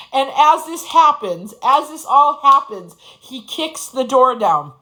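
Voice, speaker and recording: A woman's voice: high voice, animated, takes it slowly, few pauses, sharp tone, rough recording. A woman in her forties giving an impassioned, profane personal testimony, repeating phrases for emphasis. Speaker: speaker sharing her story.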